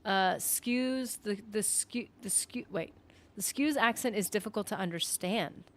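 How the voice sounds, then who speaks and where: A woman from the northern United States chats casually on a game stream in an unhurried, fairly bright, medium-pitched voice. She rambles with lots of "like," breaks off mid-thought, and reads viewer comments aloud.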